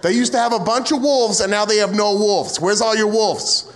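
A young man from the United States works through a stand-up comedy set in a strikingly high voice. He rambles, mocks himself and launches into profane rants, acting out little scenes along the way. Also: moderate pace. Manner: rambling, self-mocking, profane rants with acted-out asides.

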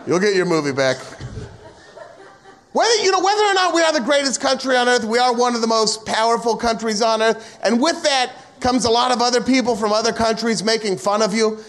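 A man's voice: extremely high pitch, lively intonation, brisk, a bit bright. A young American man doing a stand-up set, rambling and self-mocking, with profane rants and acted-out asides. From United States. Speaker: stand-up comedian.

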